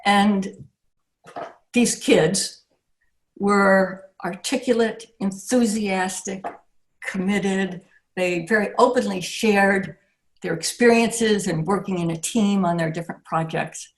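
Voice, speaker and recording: An older woman giving a reflective acceptance speech over a video call, pausing often and restarting her sentences. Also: mid-range voice, steady tone. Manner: warm, reflective, with frequent pauses and restarts. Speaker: award recipient.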